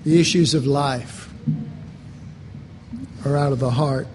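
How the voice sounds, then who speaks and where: A man preaching a sermon, slow and deliberate, with animated asides. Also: mid-range voice, a little hiss or hum. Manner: slow, deliberate delivery with animated mock voices and laughter.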